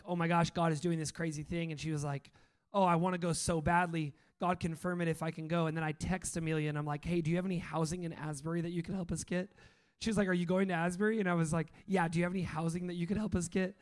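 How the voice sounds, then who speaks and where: A young man giving an informal, excitable sermon talk, telling stories and often laughing. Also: high voice. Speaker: speaker at a training school.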